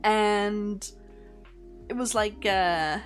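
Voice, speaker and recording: A woman's voice: medium pitch, drawn-out words, faint music behind. A young woman streaming as a VTuber, chatting casually in a rambling way, laughing often and swearing offhandedly. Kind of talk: casual livestream chat.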